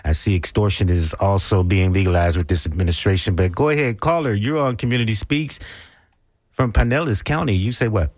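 Low-voiced male radio host in a dry studio. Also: brisk, a little mellow, no echo. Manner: brief, affirming interjections. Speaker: radio talk show host. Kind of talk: call-in radio hosting.

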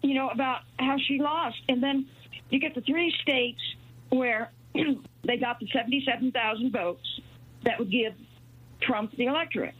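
Husky-voiced woman caller on a tinny phone line. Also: high-pitched. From New Mexico. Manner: rambling, halting with many fillers. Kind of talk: call-in radio talk. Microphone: telephone.

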